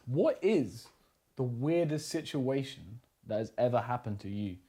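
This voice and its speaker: A man's voice: medium pitch, animated, measured pace, dark tone. Guy rambling thru a story, cursing here and there, middle voice. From England. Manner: rambling, swears casually, laughs at own stories. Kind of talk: casual storytelling chat.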